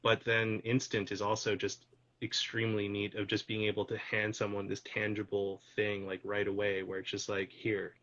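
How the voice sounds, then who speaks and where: A man's voice: lowish voice, monotone, moderate pace, fairly bright tone. A man from Canada hosting a casual conversation, telling stories in a chatty way full of "like". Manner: chatty, storytelling, many "like"s. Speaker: host. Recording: dull lo-fi audio.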